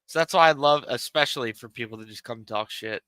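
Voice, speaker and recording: A man's voice: mid-range voice, brisk, bright, forceful tone, dry recording, poor audio. A man streaming a game and chatting casually, rambling and swearing in a laid-back way on a cheap home mic. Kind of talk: casual stream chat while gaming. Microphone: cheap home microphone.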